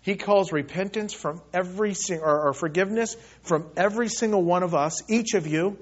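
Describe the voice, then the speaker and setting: A man preaching a sermon, reading scripture aloud and moving between loud, pleading lines and soft, hushed ones. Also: high voice, fairly quick, highs cut off. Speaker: pastor.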